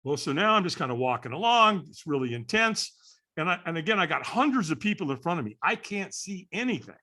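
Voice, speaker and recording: An older man in his sixties tells his story with a bright, forward voice. His pitch swings widely as he acts out other people's lines and keeps checking in with "right?" He is a podcast guest. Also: brisk. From California. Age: 60s. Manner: lively storyteller acting out voices, frequent "right?". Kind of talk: animated storytelling.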